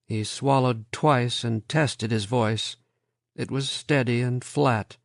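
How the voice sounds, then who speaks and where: A man's voice: medium pitch, steady tone, takes it slowly, creaky, no room sound. Man reading an audiobook, dry sound. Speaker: audiobook narrator. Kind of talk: scripted audiobook narration.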